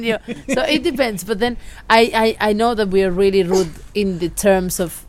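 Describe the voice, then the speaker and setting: A woman's voice: mid-range voice, steady tone, normal speed, few pauses, a little hiss or hum. A woman from Spain with a Spanish accent, chatting casually and laughing often. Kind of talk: casual chat.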